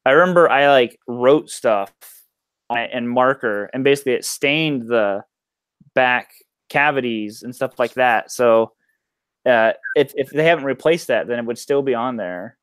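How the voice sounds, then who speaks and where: A man guests on a casual chat and tells easygoing stories, packed with casual fillers. His voice is smooth and clean. It sounds dry, with no room around it. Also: mid-range voice, normal speed, fairly bright tone, no room sound. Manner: easygoing storyteller, many "like" fillers. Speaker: guest guitarist.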